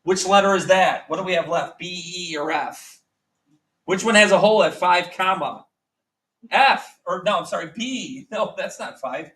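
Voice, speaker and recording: A man teaching a math lesson to a class, quizzing students with quick repeated questions. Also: high-pitched, fairly bright tone. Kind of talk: classroom lecture. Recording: echoey classroom, mic at a distance.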